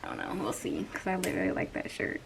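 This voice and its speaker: Chatting through a try-on haul, this young woman vlogger has a very deep voice with huge swings in pitch and a quick pace. She's breathless and chatty, full of filler words, often sliding into a whisper, all captured on a far-off mic with obvious background noise.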